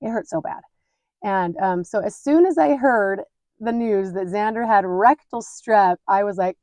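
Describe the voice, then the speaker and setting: A woman in her thirties hosting a podcast, telling a family story in a candid, animated way and laughing at her own mishaps. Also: medium pitch, unhurried, no echo. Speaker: podcast host. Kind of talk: casual storytelling.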